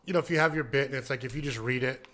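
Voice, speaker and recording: A man's voice: mid-range voice, very fast, fairly bright tone. A man guesting on a podcast as a comedian, chatting casually. He is laid-back and hesitant and often trails off. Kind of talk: casual chat.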